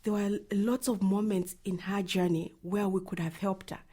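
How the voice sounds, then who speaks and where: A woman's voice: medium pitch, fairly even intonation, normal speed, dark tone. A woman, an advocate answering interview questions earnestly, often trailing into a near whisper at the ends of phrases. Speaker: reproductive health advocate.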